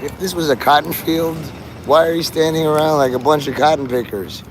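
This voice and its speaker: A man's voice: a little high, steady tone, a little fast. A man livestreaming from a city street, rambling in casual chat with profane, darkly joking asides. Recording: loud street traffic noise. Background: vehicles and city ambience.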